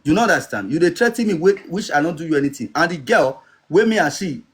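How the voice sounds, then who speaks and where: Insistent Nigerian man, higher voice. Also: animated, fast, fairly bright tone, slightly rough. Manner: insistent, repeats "you understand?". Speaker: live streamer. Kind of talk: casual live-stream talk.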